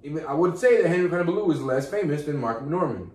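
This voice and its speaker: A man's voice: a little high, expressive, fast talker, darkish tone. A man co-hosting a comedy podcast, arguing insistently in casual banter. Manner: insistent and argumentative. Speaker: podcast co-host. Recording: roomy, distant mic, faint noise.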